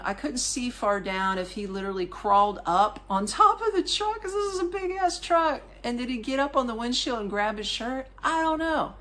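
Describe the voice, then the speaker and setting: A woman's voice: medium pitch, fairly bright tone. A woman with a mid-range voice tells a travel anecdote on her podcast. She sounds loose and colloquial and keeps turning to the listener with little asides. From United States. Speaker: podcast host. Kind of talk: casual storytelling monologue.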